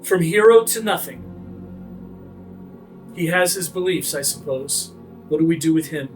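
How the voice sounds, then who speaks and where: A man's voice: fairly high pitch, unhurried, soft background music, lightly acted. A man voicing a cruel, scheming noble lord who speaks in a pompous, theatrical way.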